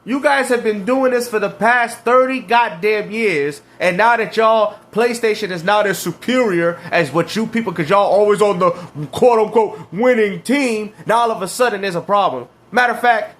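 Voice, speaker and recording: A man's voice: sits high, fairly bright tone. A man reacting to clips and ranting about video games, mocking and slangy, laughing at his rivals. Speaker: gaming commentator.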